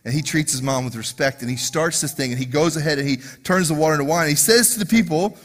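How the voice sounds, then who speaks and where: A man preaching a sermon as lead pastor, animated and conversational, acting out scenes in quiet asides. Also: on the high side, quick pace.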